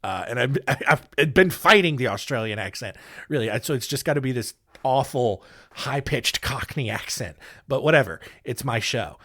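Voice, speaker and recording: A man's voice: medium pitch, moderate pace. A man hosting a podcast, telling history stories in a casual, jokey way with plenty of filler words. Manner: jokey, animated, lots of fillers. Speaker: podcast host.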